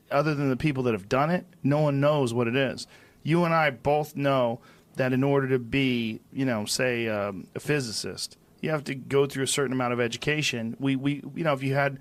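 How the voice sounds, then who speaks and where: A man hosting a podcast, calmly reasoning through an argument step by step. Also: medium pitch. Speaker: podcast host. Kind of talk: conversational podcast talk.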